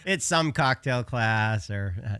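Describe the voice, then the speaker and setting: A man's voice: medium pitch, lively intonation, slow, bright, forceful tone, a little hiss or hum. A man, a bartender guest on a podcast, telling self-deprecating stories with frequent laughs and hesitations. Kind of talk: casual chat.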